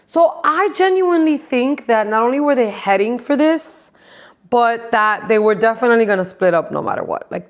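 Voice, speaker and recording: A woman hosting a podcast, chatting casually and gossiping about reality TV, swearing freely and laughing often. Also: a little high. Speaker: podcast host.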